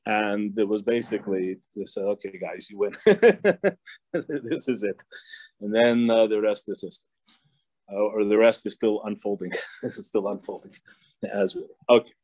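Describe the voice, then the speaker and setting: A rabbi teaching an informal class speaks at a moderate pace in a lowish, darkish voice, pausing often, with no echo. His stories digress, punctuated by restarts and small laughs.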